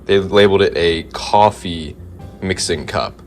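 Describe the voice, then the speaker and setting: A man's voice: deep voice, a little slow, over music. A young man vlogging casually to camera about his gym day, telling a rambling, slangy story. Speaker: fitness vlogger. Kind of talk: casual vlog talk to camera.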